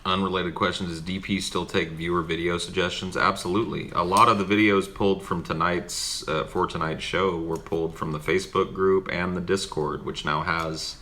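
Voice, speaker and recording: Co-host, male, very low gravelly voice, relaxed slangy delivery. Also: normal speed, few pauses. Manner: laid-back, slangy, swearing. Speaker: co-host reading chat. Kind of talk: casual livestream chat.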